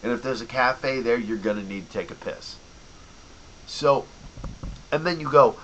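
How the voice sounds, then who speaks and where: A man's voice: medium pitch, animated, brisk, a bit bright, slight background noise, rough recording. Sarcastic man in a swearing rant. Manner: heated, sarcastic, swearing freely, mocking customers. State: drinking and worked up. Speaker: vlogger and bookstore clerk. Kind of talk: angry profane rant to camera.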